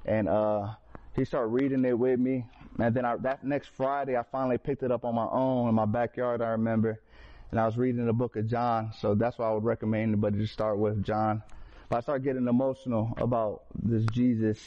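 Man, personal testimony, earnest, street slang, restarts and fillers, middle pitch, muffled lo-fi recording. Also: flat delivery, brisk, warm tone. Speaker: person sharing a faith testimony. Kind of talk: personal testimony, casual storytelling. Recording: slightly dull lo-fi recording.

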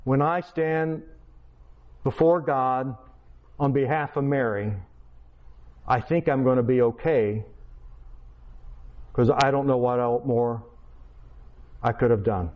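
A man's voice: mid-range voice, slow, long pauses, narrow, tinny audio. Man in his sixties preaching a testimony. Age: 60s. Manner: storytelling, acting out dialogue, building to emphatic preaching. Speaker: Christian speaker, schoolteacher. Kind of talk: testimony sermon.

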